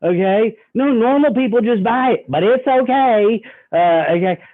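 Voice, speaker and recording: A man's voice: high voice, moderate pace. A man giving a sales training talk, folksy and acting out customer dialogue. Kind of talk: sales training talk with role-played pitches. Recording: tinny phone-like audio.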